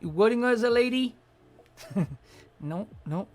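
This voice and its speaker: A woman hosting an advice show, giving blunt, profane advice and acting out quick mock scenes along the way. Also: on the high side, lively intonation, darkish tone. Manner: acts out little scenes in quick mock voices. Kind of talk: casual advice rant.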